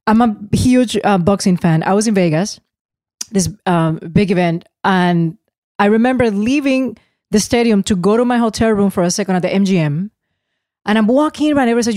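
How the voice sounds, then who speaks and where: A woman hosting a podcast, chatting and telling a story in a lively way. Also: a little high, fairly quick, no room sound, clean studio sound. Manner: lively, laughs often, acts out quotes. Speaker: podcast host. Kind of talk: casual chat, storytelling.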